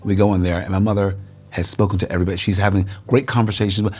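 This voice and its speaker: Very deep-voiced man telling animated stories. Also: rapid-fire, breathy edge. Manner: animated storyteller, acts out quoted voices. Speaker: guest. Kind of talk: casual interview over a meal.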